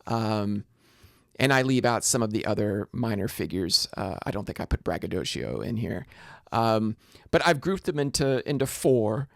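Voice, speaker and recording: A man's voice: fairly low pitch, very animated, normal speed, creaky, fairly bright tone, no echo, clean studio sound. A man lecturing on poetry in a recorded video lesson. He explains step by step and often restarts his phrases. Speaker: literature lecturer.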